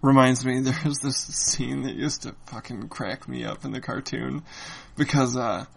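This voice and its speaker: A man's voice: mid-range voice, fairly even intonation, normal speed, gravelly, breathy edge. A man co-hosting a casual comic-book podcast, telling stories with lots of swearing and laughter. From Irish heritage in the US. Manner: profane, laughing storyteller. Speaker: podcast co-host.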